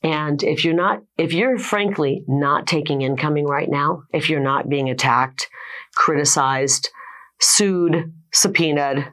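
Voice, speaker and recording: A middle-aged woman answering interview questions confidently and emphatically, stacking points in quick lists. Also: low voice, a bit bright. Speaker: political candidate guest.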